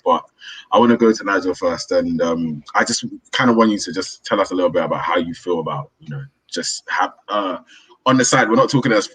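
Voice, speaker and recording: A man with a low, husky voice hosts a casual football podcast over a remote call. He talks in an upbeat, rambling way and breaks into laughter easily. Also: a bit bright, rough recording. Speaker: podcast host.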